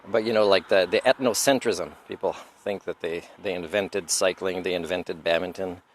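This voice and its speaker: On a motorcycle trip, a vlogger stands outdoors by the road and holds forth in a digressive, opinionated way, chuckling frequently. He has a French accent and a low voice with fairly even intonation at a moderate pace, and slight background noise is audible.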